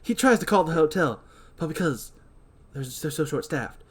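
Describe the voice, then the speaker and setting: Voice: medium pitch, animated, normal speed, slightly rough. A chatty podcast host recapping a horror film in loose, casual talk. The voice rises and falls a lot. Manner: chatty, filler-heavy, laughing.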